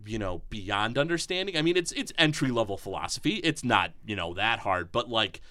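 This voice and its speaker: A man's voice: lowish voice, animated, fairly quick, bright, forceful tone. A man co-hosting a casual podcast, talking enthusiastically and rambling with lots of fillers. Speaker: podcast co-host.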